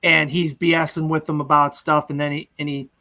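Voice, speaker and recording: A man's voice: a little high, little pitch movement, brisk, pushed and bright. A man hosting a casual movie discussion podcast, loosely recapping scenes in a chatty way. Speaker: podcast host.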